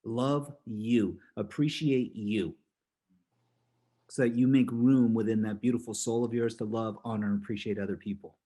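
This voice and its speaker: A man giving a motivational talk, animated, laughing often and acting out voices in his stories. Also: on the low side, fast talker, few pauses. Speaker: motivational speaker.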